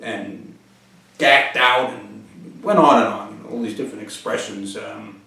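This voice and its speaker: A man hosting a deadpan comedic monologue and answering viewer questions. He uses pompous, formal wording broken by frequent hesitant "uh" pauses. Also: on the low side. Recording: very echoey room, mic far off.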